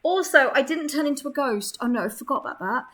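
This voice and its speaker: A young woman chatting excitedly while playing a life-sim game, laughing often. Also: high voice, fast. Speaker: gaming creator. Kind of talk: casual gameplay commentary.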